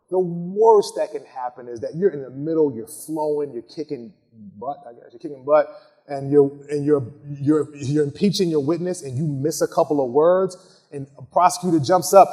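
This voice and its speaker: This recorded legal masterclass comes from a criminal defense lawyer whose voice is fairly high-pitched and dark. Talking conversationally, he keeps asking "right?" and restarting sentences, and he slows down to read example lines dramatically.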